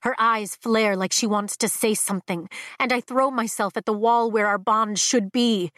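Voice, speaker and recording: A woman narrating a fantasy novel in the first person, with a measured, emotive reading. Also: on the high side, fairly even intonation, fairly bright tone, no echo, clean studio sound. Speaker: audiobook narrator.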